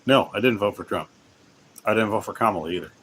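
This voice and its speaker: Male streamer, lowish voice, rambling casual chat, faint hiss behind. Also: fast, a bit bright. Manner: rambling, self-interrupting, laughs often. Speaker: livestream host. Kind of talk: casual livestream chat while gaming.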